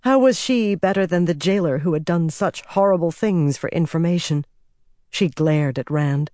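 A man narrating a fantasy novel as an audiobook in an even, steady storytelling manner. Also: on the high side, normal speed, no echo, clean studio sound.

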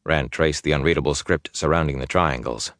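A man narrating a fantasy novel in an even, measured reading on a close mic. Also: rumbling low, dry recording. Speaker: audiobook narrator. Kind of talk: scripted narration.

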